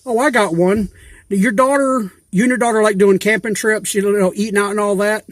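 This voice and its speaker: A man's voice: high-pitched, fairly even intonation, a little fast, no room sound. A man talking in a chatty, rambling way with loose everyday grammar, posing questions to a fellow YouTuber. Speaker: YouTuber asking giveaway questions. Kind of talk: casual rambling vlog talk.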